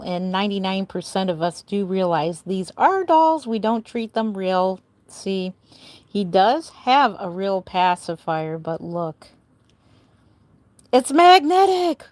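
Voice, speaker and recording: A woman's voice: medium pitch, measured pace, darkish tone, dry recording. Chatty older woman live streaming. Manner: chatty, bubbly, giggly, greeting viewers. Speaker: doll artist live streamer. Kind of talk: casual live stream chat.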